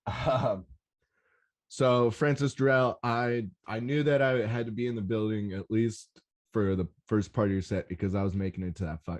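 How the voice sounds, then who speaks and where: Young male podcast host, lower voice, casual, animated, profane, rambling. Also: normal speed. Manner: excitable, swears a lot, rambling and animated. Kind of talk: casual solo podcast recap.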